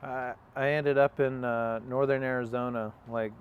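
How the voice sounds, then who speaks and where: A man's voice: mid-range voice, level tone, moderate pace, smooth, narrow, tinny audio. A young man, an interview guest, telling a long personal story in a casual, rambling way with many fillers and acted-out quotes. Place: outdoors on a farm.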